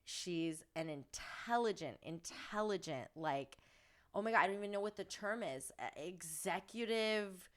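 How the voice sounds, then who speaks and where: A woman's voice: lowish voice, measured pace, fairly bright tone. A woman hosting a podcast in casual chat, gushing and talkative, laughing often in a studio. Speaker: podcast host.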